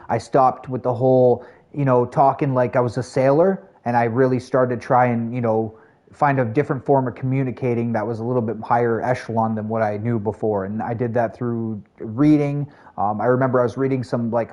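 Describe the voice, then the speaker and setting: A man's voice: medium pitch, a little mellow. Chatty young man streaming, rambling. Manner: rambling, chatty, repeats phrases. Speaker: livestreamer. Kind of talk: casual chat with viewers.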